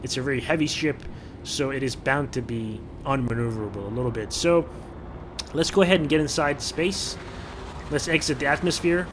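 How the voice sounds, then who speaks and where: A man's voice: mid-range voice, normal speed, noisy background. A man giving casual, chatty commentary over gameplay, often repeating words as he thinks aloud. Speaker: gaming video creator.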